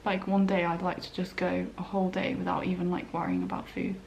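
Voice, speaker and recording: A woman's voice: fairly low pitch, little pitch movement, brisk, gravelly, a little mellow, slight background noise. A young woman chatting casually at home, rambling with lots of "like" and acting out her own thoughts. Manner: rambling, full of "like" and quoted inner voices. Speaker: vlogger. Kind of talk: casual chat. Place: dining room table at home.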